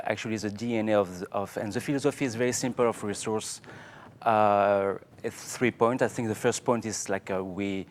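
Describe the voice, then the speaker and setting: A man from Provence with a French accent, speaking haltingly on a panel as a paint company owner. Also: fairly low pitch, slight background noise. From south of France, Provence. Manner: halting, many fillers and restarts. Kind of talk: panel talk.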